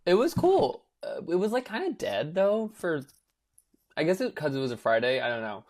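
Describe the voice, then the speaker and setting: A young man co-hosting a podcast, chatting casually and telling an animated story, acting out quotes with lots of filler words. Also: on the high side, moderate pace. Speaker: podcast co-host. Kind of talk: casual chat.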